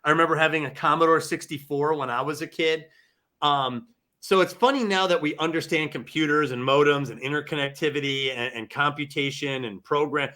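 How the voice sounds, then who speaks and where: Man, 40s, high pitch, bright tense tone, laughing, casual film talk. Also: fairly quick. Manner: amused, laughing, restarts mid-sentence. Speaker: podcast host.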